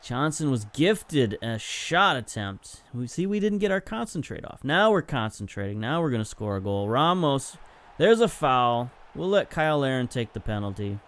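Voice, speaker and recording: Young guy doing laid-back play-by-play over game highlights, clean smooth voice, gets hyped on chances. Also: normal speed. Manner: chatty, excitable on chances, self-correcting. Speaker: gaming video host. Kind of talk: casual play-by-play commentary of a football management game.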